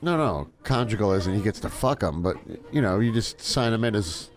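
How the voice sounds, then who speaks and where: A man's voice: fairly low pitch, expressive, normal speed. A man hosting a podcast, asking joking, prodding questions in casual chat. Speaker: podcast host.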